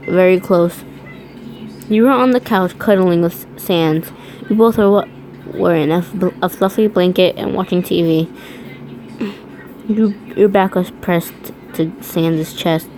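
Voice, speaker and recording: A woman's voice: lowish voice, slow, dark tone, a little hiss or hum, poor audio. A woman reading fan fiction aloud, often stumbling over words and restarting lines. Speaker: reader.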